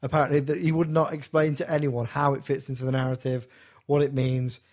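A man's voice: mid-range voice, flat delivery, a little fast, darkish tone. A man in casual film chat, making dry, wry remarks.

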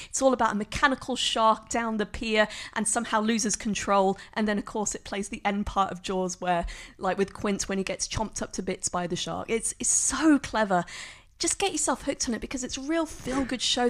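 Upbeat woman, higher voice. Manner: upbeat, gushing recommendations. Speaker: podcast co-host. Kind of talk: casual chat.

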